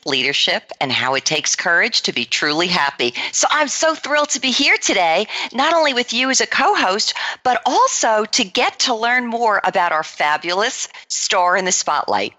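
A woman's voice: mid-range voice, sharp tone. A woman co-hosting a talk show, effusive and gushing. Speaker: co-host. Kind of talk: podcast co-hosting.

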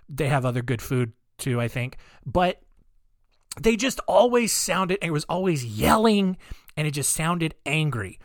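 Animated man telling history jokingly. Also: a little high, no room sound, studio quality. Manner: animated, joking, rambling asides. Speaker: podcast host. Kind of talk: comedic history storytelling.

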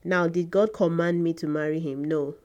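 A woman's voice: low voice, steady tone, a little mellow, muffled recording. A woman in her thirties hosting a faith podcast, talking earnestly and repeating words for emphasis. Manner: earnest and slow, with emphatic repetition. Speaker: podcast host.

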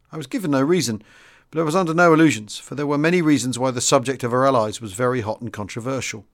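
A man reads a wartime memoir in the first person, measured and formal. His voice sits at an ordinary middle pitch and keeps an even, steady storytelling pace. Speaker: audiobook reader and podcast host. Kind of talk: reading a war memoir aloud.

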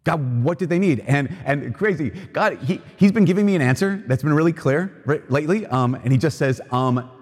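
A man's voice: a little high, normal speed, few pauses. A man giving a homily at Mass, earnest and conversational, often repeating himself as he builds a point. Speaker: priest. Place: cathedral. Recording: long reverb of a large church.

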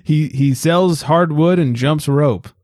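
A man's voice: fairly high pitch, slow pace, a little mellow, no room sound, clean studio sound. A man hosting a podcast in casual chat, laid-back and joking, swearing casually. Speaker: podcast host.

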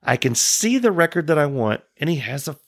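A man co-hosting a podcast, telling a story as a casual, animated rant. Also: on the high side, fairly quick, creaky. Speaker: podcast co-host. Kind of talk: casual chat.

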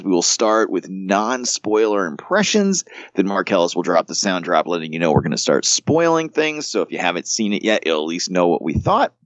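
A man's voice: deep voice, no room sound, muffled recording. A man hosting a casual movie-review podcast who jokes around and rants with plenty of swearing. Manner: profane, joking rants. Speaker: podcast host.

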